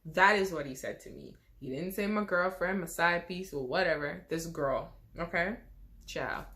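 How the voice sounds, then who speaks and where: Animated young woman telling a story. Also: lowish voice, normal speed. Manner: animated, expressive storytelling with slang. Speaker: vlogger. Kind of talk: casual storytime.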